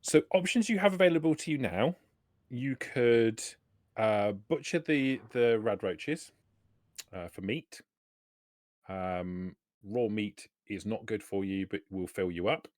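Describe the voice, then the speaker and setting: A man narrating as game master of a tabletop game, relaxed and halting, with many fillers. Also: lowish voice, dry recording, studio quality.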